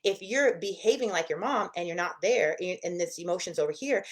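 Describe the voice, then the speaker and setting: A woman therapist teaching in a casual, expressive way, acting out the inner voices of the mind in quick asides. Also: medium pitch.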